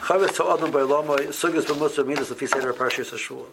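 A man leading an informal Torah class, often restarting phrases and growing lively as he explains. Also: on the high side, brisk, creaky, background noise.

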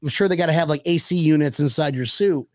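An excitable man hosts a loose, casual chat, bragging and joking with his guests. His voice sits fairly high, recorded dry and close. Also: fast, no room sound. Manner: excitable, laughs often, boastful banter. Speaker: host. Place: Miami area.

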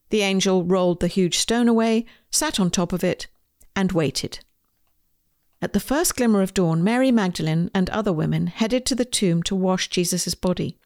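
A woman, the author, reading her children's storybook aloud in a gentle, expressive way, with faint music behind. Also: medium pitch, no echo, clean studio sound.

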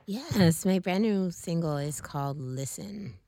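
Low-voiced Canadian singer telling a lively story. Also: female voice, a little slow, vocal fry, no room sound, studio quality. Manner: animated storyteller, laughs often. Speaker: singer guest. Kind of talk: casual podcast chat.

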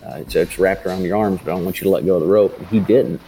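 A man in his thirties, a father, recounting a frightening rescue in a halting way, with many fillers and restarts. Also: deep voice, fairly even intonation. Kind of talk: interview testimony.

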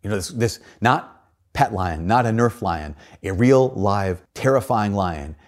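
Earnest low-voiced priest preaching. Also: male voice, animated, unhurried. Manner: earnest, storytelling, shifting emphasis. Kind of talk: homily.

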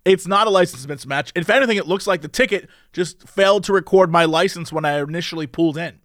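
Brisk and high-pitched, a man narrates a long anecdote in easygoing chat, animated throughout, often laughing and voicing the other characters. The recording is clean studio sound without echo.

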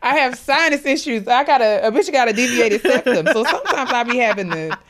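A woman's voice: on the high side, lively intonation, fairly quick, slight background noise. A woman co-hosting a podcast, giving candid, rambling advice in slangy casual chat with laughs along the way. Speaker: podcast co-host.

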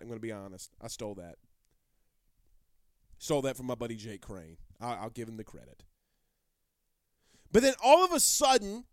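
A man's voice: high voice, clean tone, no room sound, studio quality. A man hosting a live sports talk show, brash and rambling, repeating himself as he answers viewer comments.

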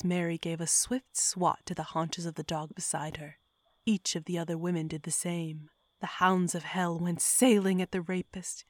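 A woman reads a horror story in a hushed, whispery way. Her voice sits fairly low, and the recording is close and dry. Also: no room sound. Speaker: narrator.

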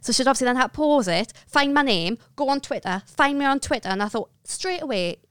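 Fast-talking northern English woman. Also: high-pitched, clean tone, no echo, clean studio sound. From northern England. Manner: animated storytelling, swears freely. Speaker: stand-up comedian, podcast guest. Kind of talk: casual podcast chat.

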